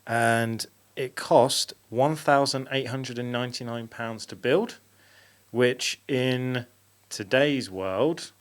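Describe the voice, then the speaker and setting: A man's voice: medium pitch, takes it slowly. A man hosting a paranormal podcast, laughing often as he reads out a story with mock drama. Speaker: podcast host. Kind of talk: casual chat, reading a story aloud.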